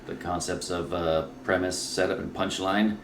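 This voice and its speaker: Brief: male comedian guest, deep low voice, self-mocking and profane, echoey home setup. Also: level tone, normal speed, creaky, background noise. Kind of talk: casual podcast chat. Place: his own house.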